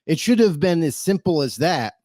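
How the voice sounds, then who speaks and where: Man, co-host, calm, explanatory, slightly high voice, dry sound. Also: normal speed, no echo. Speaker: podcast co-host. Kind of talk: casual panel discussion.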